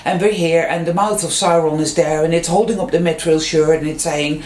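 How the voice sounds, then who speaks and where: A speaker in a loose, meandering monologue that leans on fillers, breaks off and restarts thoughts, and jumps in pitch when a story gets going. The voice sits at an ordinary middle pitch. The sound is roomy and echoey, with faint ambient noise underneath. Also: steady tone, brisk, darkish tone. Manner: rambling, peppered with fillers and restarts. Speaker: vlogger. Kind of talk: casual spiritual monologue. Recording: roomy echo.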